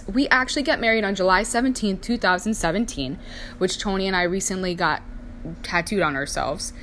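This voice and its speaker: A woman's voice: medium pitch, brisk, a bit bright, slight background noise. A young woman telling a personal story in a casual, chatty way, full of "like" fillers. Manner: chatty, many "like" fillers, acts out quoted voices. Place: indoors, sipping coffee while talking.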